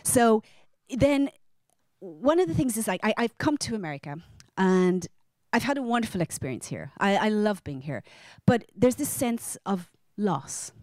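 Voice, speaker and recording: An Irish woman in her thirties telling a personal story to a live audience, lively and chatty, acting out the people she quotes. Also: mid-range voice, normal speed, dry recording, studio quality. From Ireland. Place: media center stage at a storytelling salon.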